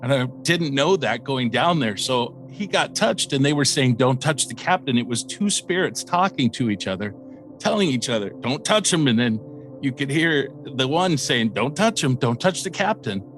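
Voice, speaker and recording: Man recounting a haunting, animated and excitable, quotes voices of others, mid-pitched everyday voice, lots of uhs and restarts, interview-style storytelling. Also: normal speed, soft background music. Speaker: paranormal investigator.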